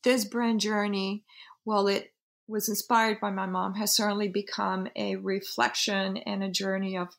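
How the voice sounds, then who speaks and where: A woman from Peru, middle-aged, telling the story of the brand she founded in a reflective, halting way, with many restarts and fillers. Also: medium pitch, little pitch movement, gravelly.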